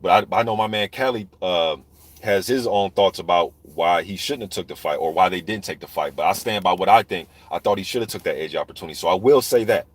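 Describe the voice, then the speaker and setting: Speaking fast in a deep voice, this boxing commentator delivers a heated, profanity-laced rant straight to his live chat audience. The recording is dry.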